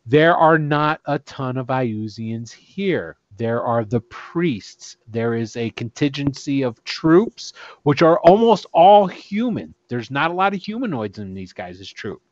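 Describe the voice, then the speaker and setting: A man's voice: mid-range voice, expressive, a little slow, no echo. Chatty man running a tabletop game. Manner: loose, chatty, laughs often. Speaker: game master. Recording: dull, dry recording.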